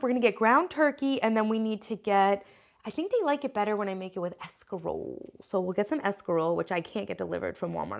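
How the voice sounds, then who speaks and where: A woman's voice: mid-range voice, creaky. A woman in her thirties chatting casually on a livestream, reading viewer comments and planning meals in a scattered, rambling way. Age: 30s. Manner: chatty, scattered, frequent "um" and "like" while listing groceries. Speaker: livestream host.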